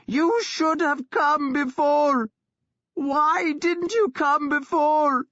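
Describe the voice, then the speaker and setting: A man's voice: extremely high pitch, steady tone, drawn-out words, fairly bright tone, no room sound, dull audio, pitched above the performer's own voice, heavily acted. A man voicing a grief-crazed young woman who screams and wails her accusations. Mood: anguished screaming.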